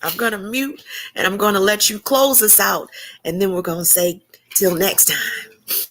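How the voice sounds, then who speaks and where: A woman's voice: mid-range voice, steady tone, unhurried, a bit bright. A woman hosting a podcast interview, speaking with heartfelt, faith-filled encouragement. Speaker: podcast host.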